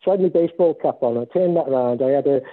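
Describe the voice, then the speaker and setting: A man's voice: mid-range voice, racing. A man casually telling stories about volunteering on a sailing ship, rambling with many restarts. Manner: rambling, animated when storytelling. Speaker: guest speaker. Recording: tinny phone-like line.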